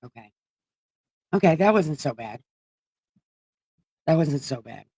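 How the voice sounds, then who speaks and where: A woman's voice: sits low, expressive, slow pace, a little mellow, slightly rough, no room sound, poor audio. A woman reading the Bible on a livestream in a comedic, casual way, irreverent and profane, chatting with viewers.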